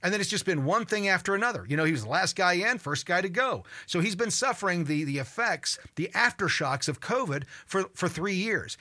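A man in his sixties hosts a call-in radio show in a high, bright voice. He talks in an animated, worked-up way, stumbling over repeated words and cursing when something annoys him. There is a clear, forceful edge to his delivery. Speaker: radio talk show host.

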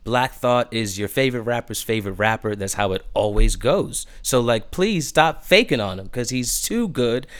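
Gushing, excitable male podcast host. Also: mid-range voice, moderate pace, hardly any pauses, clear, resonant tone. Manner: excitable, gushing, many restarts. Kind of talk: casual music review chat.

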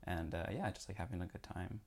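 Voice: deep voice, fast talker, a little mellow, husky. A podcast host talking in a casual, playful, teasing way with guests. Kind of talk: casual chat.

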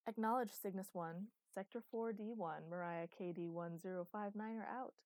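A gentle father pilots a ship and talks over the radio in a calm, steady way, as a woman narrator puts him on. Her voice stays dark and mellow, and the recording is dry and close. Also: mid-range voice, normal speed, no echo, natural voice.

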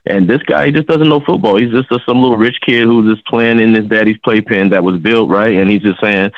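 A man's voice: fairly low pitch, brisk, hardly any pauses, no room sound, dull audio. Fired-up man ranting about football. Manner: fired-up, ranting, heavy swearing. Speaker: guest commentator. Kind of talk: heated casual sports talk.

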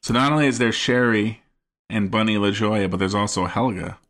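A man co-hosting a podcast about a film, talking in an analytical way and often pausing to search for words. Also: lowish voice, a bit bright. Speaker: podcast co-host. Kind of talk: casual film-discussion chat.

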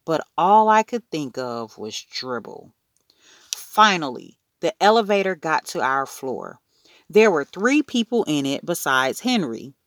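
A woman reading a children's story aloud in an expressive, unhurried narrating voice. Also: sits low, no echo, clean studio sound. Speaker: audiobook reader.

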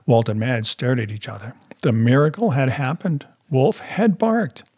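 A man narrating a story in a measured, even reading. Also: mid-range voice, husky.

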